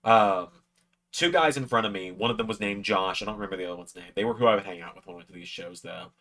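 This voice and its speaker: A man chatting casually to camera, telling a personal story in an excitable way with plenty of fillers. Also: fairly low pitch, quick pace. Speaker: YouTube creator.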